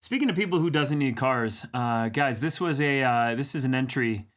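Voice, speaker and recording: With a medium-pitched, expressive voice that's fairly bright, a livestream host talks at normal speed. He greets people in the chat and teases them as he reads their comments out.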